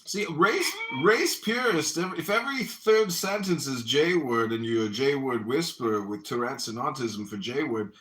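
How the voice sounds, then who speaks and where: A man hosting a live podcast debate, mocking and loud, now and then shouting and laughing. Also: mid-range voice, lively intonation, moderate pace, few pauses. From United States. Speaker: podcast host. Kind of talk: heated live-stream debate.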